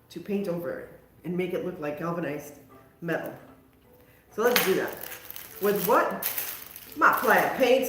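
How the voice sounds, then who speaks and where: A woman's voice: lowish voice, roomy sound. A woman hosting a live crafting stream, chatting casually and poking fun at herself as she paints. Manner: chatty, self-mocking, talks to viewers while working. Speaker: crafting livestream host.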